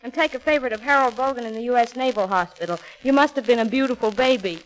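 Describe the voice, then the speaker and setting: A woman singer trading quick, giggly banter on a 1940s radio variety broadcast. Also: a little high, poor audio. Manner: bright, giggly, quick lines. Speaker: singer and guest.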